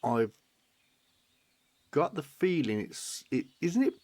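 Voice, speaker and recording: Slow, mellow-voiced male streamer. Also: fairly high pitch, sing-song. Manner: hesitant, thinking aloud with fillers. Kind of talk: casual live-stream commentary.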